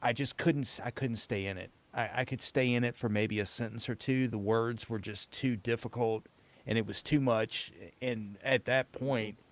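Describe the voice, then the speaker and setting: A man's voice: medium pitch, steady tone, moderate pace. A man with a light Southern accent, an actor chatting casually and telling rambling stories on a livestream. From Southern US, Tennessee. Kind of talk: casual chat.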